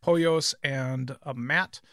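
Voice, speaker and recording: A man's voice: medium pitch, fairly even intonation, drawn-out words, bright, forceful tone, dry recording. A man co-hosting a casual podcast, with dry, understated teasing. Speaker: podcast co-host. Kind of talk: casual chat.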